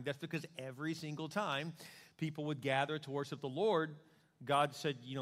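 A male pastor preaching a sermon in a conversational, joking and animated way. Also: on the high side, fast talker, big-room sound.

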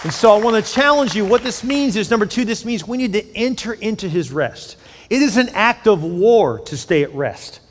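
Male pastor, high voice, lively conversational sermon delivery, long reverb of a big church hall. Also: a faint crowd, slight background noise. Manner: animated, conversational preaching with quick asides.

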